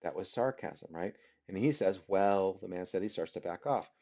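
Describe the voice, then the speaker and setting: A man's voice: low voice, expressive, moderate pace, gravelly, warm tone. A man teaching a literature class, talking through a story and often checking in with his listeners by asking "right?". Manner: keeps asking the listeners rhetorical "right?" questions. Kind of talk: recorded class lecture. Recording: dull lo-fi recording.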